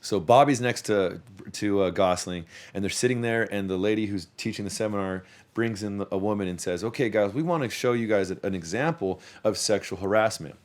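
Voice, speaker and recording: A man's voice: on the low side, a little fast. A man hosting a podcast, talking in a rambling, profane casual chat and repeating words as he restarts his sentences. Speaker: podcast host; youth sports coach.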